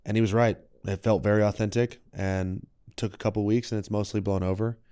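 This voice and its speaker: Reflective man with a low, mellow voice. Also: a little fast, clear, resonant tone, no room sound, studio quality. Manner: reflective, animated, acts out quoted voices. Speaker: guest, wellness coach and content creator. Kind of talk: casual podcast conversation.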